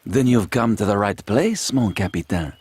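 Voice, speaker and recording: An actor playing a proud, flattering gunsmith with a French accent, in a video game. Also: male voice, on the low side, moderate pace, breathy edge, no room sound. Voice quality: fawning, theatrical salesman manner.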